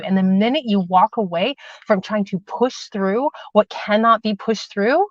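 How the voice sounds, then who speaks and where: A woman reads tarot on a casual livestream. She speaks to her viewers with affection and emphasis, often saying the same line twice. Her voice comes through dull and lo-fi, with a dry sound that has no room echo. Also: mid-range voice. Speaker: spiritual livestream host and tarot reader.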